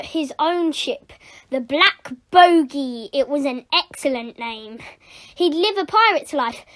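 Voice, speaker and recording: A woman reading a children's book aloud with lively, expressive storytelling. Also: sits high. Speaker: storybook reader.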